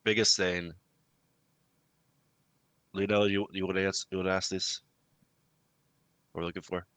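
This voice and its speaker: A man's voice: low-pitched, flat delivery, a little slow, a bit bright, clear, resonant tone, no echo. A man playing a tabletop role-playing game, asking questions hesitantly with many restarts. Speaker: player.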